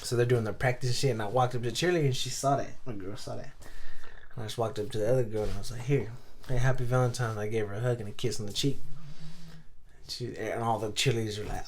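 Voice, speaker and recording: A man's voice: mid-range voice, fairly quick, pauses often, a little mellow. Slangy young man telling a story. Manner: slangy, profane, rambling with many fillers. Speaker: podcast co-host. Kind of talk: casual storytelling chat.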